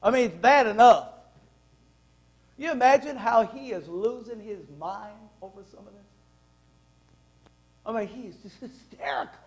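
In a church sanctuary, a pastor with an unusually high male voice delivers a sermon, a little slowly and with long pauses. He preaches emphatically, reads scripture aloud and puts questions to the congregation, all on a low-quality recording.

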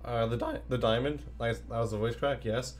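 A man's voice: medium pitch, steady tone, brisk, faint music behind. A man streaming a video game, chatting playfully and answering his viewers' chat as he plays. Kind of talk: casual live-stream chat.

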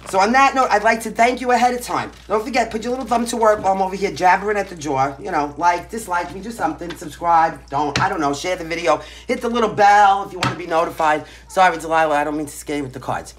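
A woman's voice: fairly low pitch, fast, few pauses, slight background noise. A woman with a Brooklyn New York accent giving a casual tarot reading to the camera, blunt and emphatic, tagging her points with "right?" and "okay?". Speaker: tarot reader.

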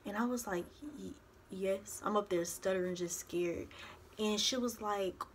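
A young woman speaks, retelling a personal story in a loose, casual way. She acts out the voices of the people in the story. Her voice sits in a middle pitch, with a faint hiss of noise behind her. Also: moderate pace. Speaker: vlogger.

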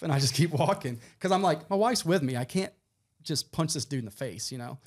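A middle-aged man from Texas, a podcast guest, telling a profane, animated anecdote full of quoted voices. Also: a little high, quick pace. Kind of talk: casual storytelling.

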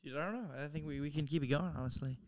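A man's voice: on the high side, fairly even intonation, racing, slight background noise. A young man co-hosting a podcast who talks in a laid-back, slangy way in casual chat. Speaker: podcast co-host.

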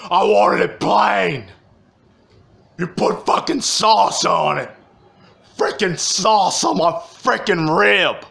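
A man voicing an irate fast-food customer who whines and shouts about his order over and over. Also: sits high, voice pushed up. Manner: shouting, whining, repeating himself.

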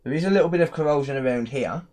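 A man's voice: a little high, rapid-fire, darkish tone. A young man with a West Midlands English accent, an electronics repair technician ranting in a casual vlog, annoyed and repeating himself. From England.

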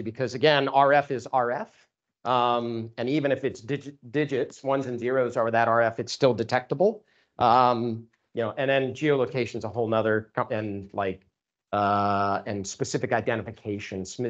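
In a lecture room, a man with a mid-range voice gives an informal talk on electronic warfare, and the recording is muffled. His delivery is casual and full of fillers, restarts, and self-corrections.

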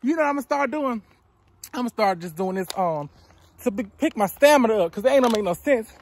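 This vlogger in her twenties sounds a little high, expressive and darkish in tone, and she talks fast. Out of breath on a roadside by the woods, she chats casually into a handheld phone and gives blunt advice laced with profanity.

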